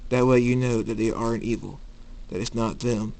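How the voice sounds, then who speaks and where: A man voicing a solemn male master warning his students in an amateur story reading, grave and measured. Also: medium pitch, fairly even intonation, gravelly, darkish tone, lightly acted, low-quality recording.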